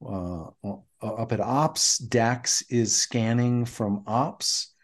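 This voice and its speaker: This is a middle-aged man co-hosting a podcast who walks through an episode recap in an easygoing, storytelling way. His voice sits at a middle pitch for a man, and he pauses often with "uh"s as he gathers his thoughts. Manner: relaxed storytelling with frequent fillers. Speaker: podcast co-host.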